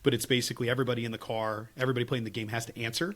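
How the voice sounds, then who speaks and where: A man co-hosting a podcast, telling stories in casual chat with lots of laughs and lively swings. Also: mid-range voice, racing. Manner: animated, laughing storyteller. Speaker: podcast co-host.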